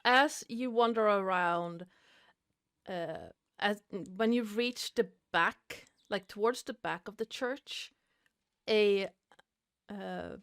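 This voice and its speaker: A woman running a tabletop horror game, talking slowly and pausing often as she describes the scene. Her voice is smooth and clear, with a dry, close sound and no room around it. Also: medium pitch, a bit bright, dry recording. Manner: slow, hesitant narration with many fillers. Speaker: game master.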